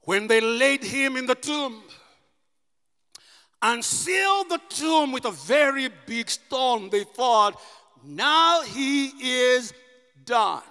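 High-voiced man preaching slowly with passion. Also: lively intonation, in a large hall, faint music behind. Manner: impassioned preaching, rising to shouts. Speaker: pastor. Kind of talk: sermon. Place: church.

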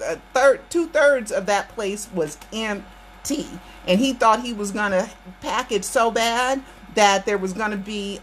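With slight background noise behind her, a woman with a somewhat high voice hosts her channel. The American speaker rants emphatically about politics to her viewers, speaking to them directly and repeating phrases for force.

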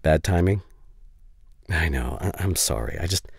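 A man voicing a caring young male best friend in a whispered role-play, speaking softly and haltingly with emotional reassurance. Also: a bass voice, animated, gravelly, slightly rough, dry recording, clean studio sound, full character voice. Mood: gentle. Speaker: ASMR voice actor. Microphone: studio condenser mic.

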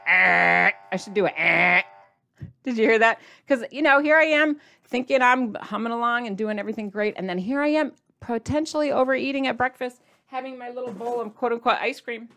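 A woman talking straight to her viewers in a casual vlog, chatty and playful, with sudden jumps in pitch for emphasis. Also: brisk, a bit bright. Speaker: diet vlogger addressing viewers.

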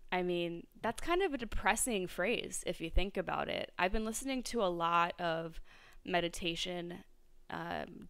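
A woman's voice: fairly low pitch, fairly bright tone, clean tone, dry recording. A young adult woman hosting a solo podcast, talking in a reflective, rambling way with many fillers and restarts. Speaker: podcast host.

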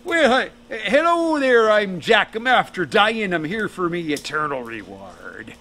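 A man's voice: high-pitched, big pitch swings, a little slow, sharp tone, a little hiss or hum, heavily acted. A man voicing a sly Irish trickster named Jack, with a put-on Irish brogue and a stammering, cheeky way of talking. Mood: innocent.

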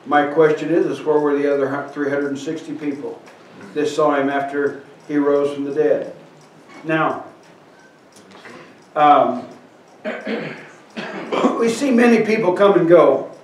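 A man's voice: fairly high pitch, slow pace, pauses often, slight background noise. A man preaching a sermon, reading scripture aloud and asking the congregation questions. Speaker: pastor. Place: church sanctuary. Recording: echoey church hall, from far off.

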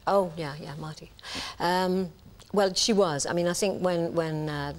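A middle-aged woman from England chats easily on a morning television sofa. Her voice sits low for a woman, and she tells stories with a friendly, lively flow. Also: unhurried, slight background noise. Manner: chatty, warm anecdotes, slips into impressions. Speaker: guest impressionist. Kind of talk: casual chat.

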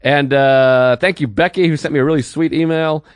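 Rambling comic podcast host, dry sound. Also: male voice, fairly high pitch, fairly even intonation, moderate pace, no echo. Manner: rambling, filler-heavy, crude jokes. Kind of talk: casual comedic podcast banter.

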